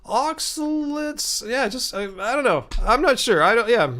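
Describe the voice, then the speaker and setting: A man's voice: very high voice, sing-song, unhurried, sharp tone. A man in his thirties hosting a casual livestream, rambling and joking with many fillers and restarts. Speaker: livestream host answering viewer questions.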